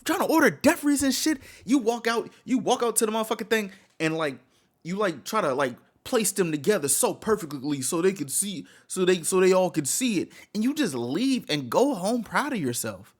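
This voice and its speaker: A man's voice: high voice, very animated, normal speed. Man ranting in disbelief, voice swinging. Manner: heated, incredulous, profane, rhetorical questions. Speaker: reaction video host. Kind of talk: ranting reaction commentary.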